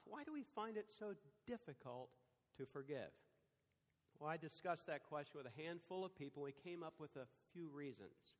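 A man's voice: a little high, long reverb tail. An older man preaching a sermon, telling stories and acting out quoted dialogue in a conversational way. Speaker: pastor.

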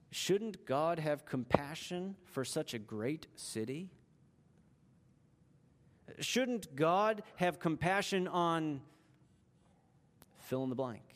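A man preaching a sermon, retelling a story with dramatic shifts in pace and emphasis. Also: medium pitch. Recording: long hall reverb.

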